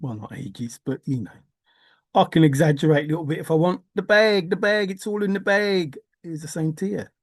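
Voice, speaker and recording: A man's voice: on the high side, normal speed, no echo, clean studio sound. Rambling man thinking aloud. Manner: musing aloud, wandering, swears casually, laughs to himself. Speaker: vlogger. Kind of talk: rambling monologue.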